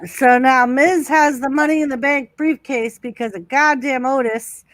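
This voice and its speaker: A woman's voice: sits high, fairly even intonation, normal speed, no echo. A woman co-hosting a live stream, chatting casually and reacting to wrestling. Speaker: stream co-host.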